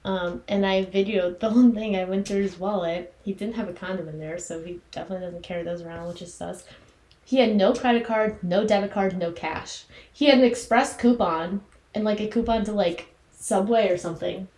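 A woman's voice: medium pitch, fairly even intonation, brisk, a little mellow. A woman in her twenties co-hosting a podcast, telling stories in a rambling way with lots of "like". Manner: rambling storyteller, heavy filler "like". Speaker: podcast co-host. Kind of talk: casual chat. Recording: echoey room, faint noise.

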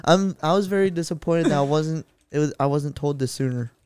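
A young man with a clear, smooth voice pitched a little high chats among friends, breaking into laughter as he talks. The sound is dry and close to the mic. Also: brisk, darkish tone, no echo. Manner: teasing, laughs between words. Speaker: podcast co-host. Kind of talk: casual chat.

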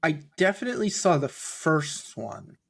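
Dry-spoken man, fairly high voice. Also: sing-song, unhurried, gravelly, husky. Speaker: podcast co-host. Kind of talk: casual chat.

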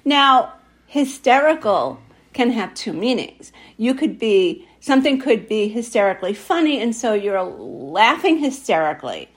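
A woman co-hosting a casual podcast, her voice sitting a little high for a woman. She chats freely and laughs easily, speaking into a podcast microphone. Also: sing-song, a little slow. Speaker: podcast co-host. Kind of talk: casual chat.

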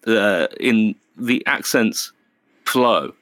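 A man with a Birmingham English accent hosting a casual podcast chat, halting and restarting as he talks. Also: on the low side, fairly bright tone, dry recording. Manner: hesitant, full of restarts.

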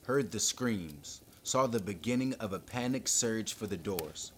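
A man's voice: fairly low pitch, expressive, measured pace, slight background noise. A man hosting a podcast, reading a thriller chapter aloud with dramatic emphasis. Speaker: podcast host reading a book. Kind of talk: audiobook-style narration.

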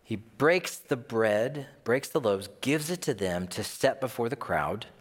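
A male pastor delivers a sermon with a very expressive, up-and-down melody. He talks to the room like a friend and slips into acted dialogue. The sound carries a long hall reverb. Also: medium pitch, unhurried. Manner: conversational, animated, acts out dialogue.

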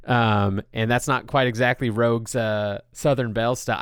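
A man hosts a podcast, chatting casually and loosely with plenty of filler words and hardly any pauses. His mid-range voice is clear and resonant, fairly bright, with fairly even intonation and a moderate pace. The recording is clean studio sound with no room sound.

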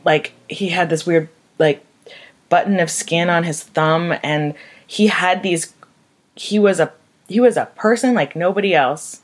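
Low-voiced woman, raw and sweary. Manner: raw and emotional, swears freely. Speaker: vlogger. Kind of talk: candid personal monologue.

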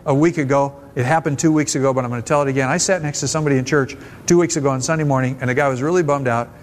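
A man's voice: medium pitch, fairly even intonation, rapid-fire, a little hiss or hum. A man preaching a conversational, folksy sermon at a church service, often restarting his phrases. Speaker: pastor.

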